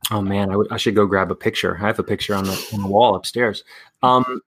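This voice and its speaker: A man's voice: fairly low pitch, fairly even intonation, fast talker, a bit bright. A man from Texas, an actor, chatting candidly in an interview with many fillers and restarts. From Texas, USA. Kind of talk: casual interview chat.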